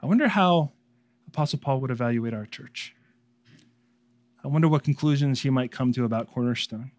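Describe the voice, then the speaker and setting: A man preaching a sermon as pastor, speaking conversationally and moving between raised emphasis and hushed earnestness. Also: mid-range voice, fairly quick, no room sound.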